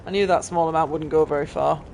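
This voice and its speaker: A woman's voice: deep voice, fairly even intonation, quick pace, vocal fry, a little mellow, a little hiss or hum. Chatty northern English woman streamer. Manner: chatty, reads game text aloud. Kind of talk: casual gameplay chat.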